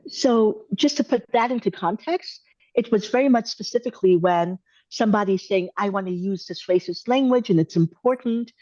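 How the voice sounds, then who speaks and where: A woman hosting a live Q and A on a video call, answering questions in a thoughtful, measured, gently encouraging way. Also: medium pitch, no echo, highs cut off. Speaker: host answering viewer questions. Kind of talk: live Q and A coaching.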